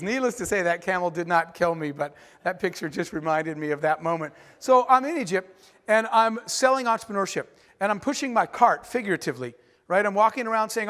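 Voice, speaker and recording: Animated man speaking in a reverberant hall. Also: high-pitched, a little fast. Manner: animated, conversational, frequent "right?" asides. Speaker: keynote speaker. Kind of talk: storytelling keynote speech. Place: large conference hall.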